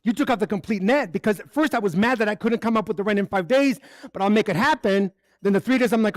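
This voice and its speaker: High-voiced man sharing a candid sermon. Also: fast, no room sound. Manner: candid, conversational, acts out dialogue. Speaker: spiritual speaker. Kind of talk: personal-story sermon. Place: spiritual center service.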